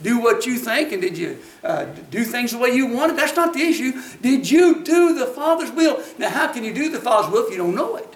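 A man's voice: very high voice, sing-song, fairly quick, few pauses. A man preaching a sermon in a folksy, emphatic way. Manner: folksy, emphatic, rises to shouts when acting out voices. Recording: echoey hall, voice from a distance.

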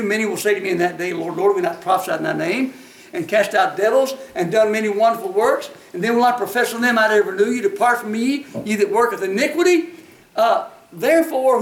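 A man preaching a sermon in a folksy, emphatic way. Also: very high voice. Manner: folksy, emphatic, rises to shouts when acting out voices. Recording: echoey hall, voice from a distance.

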